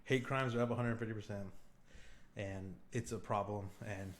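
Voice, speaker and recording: A young man on a podcast, excitedly retelling a favorite film scene with lots of fillers and swearing. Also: on the low side, moderate pace. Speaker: podcast co-host. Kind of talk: casual podcast chat.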